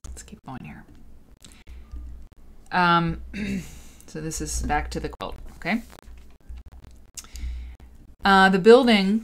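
A woman's voice: lowish voice, expressive, slow, long pauses, slight background noise. A woman in her thirties hosting a casual livestreamed quilting show, emotional and talking to her viewers directly. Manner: emotional, talks to viewers and reads comments aloud. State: tearful at times.

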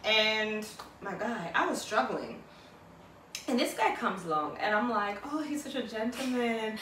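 A young woman from Tanzania chats as host and tells stories with lots of energy, acting out the voices of the people in them. Her tone is bright and a little high. She sounds a bit off-mic in an echoey room. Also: a little slow, distant mic, a little hiss or hum. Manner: animated storytelling, acts out quoted voices, laughs often. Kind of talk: casual chat.

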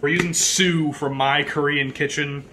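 A man's voice: fairly high pitch, steady tone, moderate pace, echoey room, background noise. A young man hosting a casual cooking vlog, joking and bossing his friends around in a home kitchen. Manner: joking, bossy, chatty.

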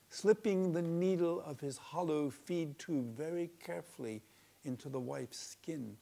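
A man reads aloud from his book of fables, lingering on each word. His voice is gravelly and his pace unhurried, with a middling pitch. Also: dark tone. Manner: slow, deliberate, relishing the words. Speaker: author reading his book. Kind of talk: storybook narration.

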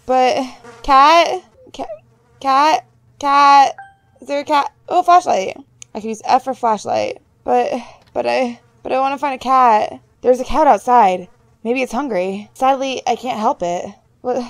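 Young woman, let's play commentary, chatty, bright high voice, dry close sound. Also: normal speed, vocal fry, no room sound. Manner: chatty, reads game text aloud, jokes to herself; squeals in high-pitched surprise. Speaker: gaming YouTuber.

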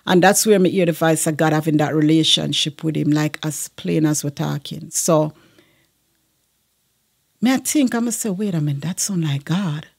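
A woman's voice: low-pitched, normal speed, creaky, darkish tone, breathy edge. A woman, a guest sharing a personal testimony in an earnest manner, with frequent fillers.

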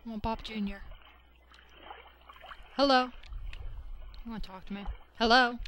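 A woman's voice: on the high side, fairly even intonation, a little slow, fairly bright tone, a little hiss or hum. A young woman doing casual let's play commentary, impatiently muttering at the game. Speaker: gamer playing through a game.

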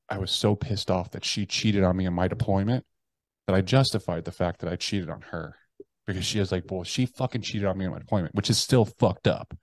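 A man in his thirties speaks as a podcast guest, telling his story candidly in a voice that sits on the low side. He is blunt and swears freely, often breaking off and restarting his sentences. The sound is dry and close to the mic, with no room echo. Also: a little mellow. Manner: blunt, profane, with frequent restarts.

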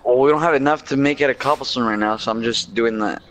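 A young man chatting casually in a multiplayer game, easygoing and quick to laugh. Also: medium pitch, a bit bright. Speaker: gamer.

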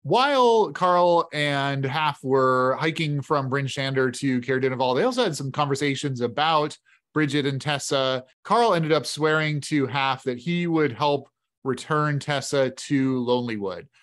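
A man's voice: mid-range voice, a little slow, a bit bright. A man narrating a solo tabletop game in a casual, conversational way. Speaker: game master playing solo.

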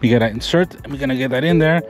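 Fast-talking casual man reviewing a truck. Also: medium pitch, soft background music. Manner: casual, enthusiastic, talks while pointing things out. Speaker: car reviewer. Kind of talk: walkaround car review. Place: around and inside a pickup truck.

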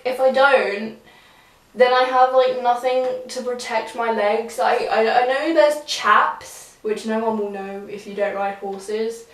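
A young woman chats to her camera in a bright, fairly high voice, rambling and giggling at herself as she goes. She sits a few feet back from the camera, so she comes across distant in a small room that echoes. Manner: rambling, giggly and self-mocking. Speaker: vlogger. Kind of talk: casual chat to camera. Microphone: camera on a tripod a few feet off.

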